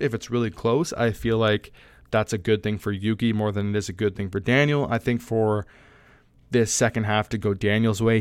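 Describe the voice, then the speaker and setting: Smooth-voiced male podcast host. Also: fairly low pitch, dry recording. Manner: relaxed, rambling, many fillers and restarts. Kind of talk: casual solo podcast talk.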